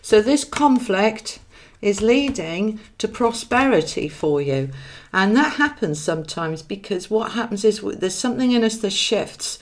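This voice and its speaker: A Welsh woman with a mid-range voice does a chatty live tarot reading, speaking unhurriedly with lively intonation. She calls her viewers "darling" and thinks out loud as she draws each card.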